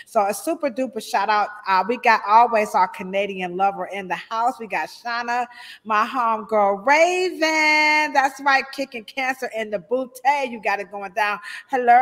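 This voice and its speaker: A woman hairstylist, hosting a casual live stream with animated shout-outs and playful asides. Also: mid-range voice, long reverb tail.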